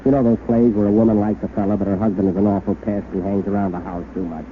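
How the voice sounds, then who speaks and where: A man's voice: on the low side, level tone, fast, a little hiss or hum. A man hosting a scripted radio comedy show, breezy and wry, on a tinny 1930s broadcast. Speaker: comedian host.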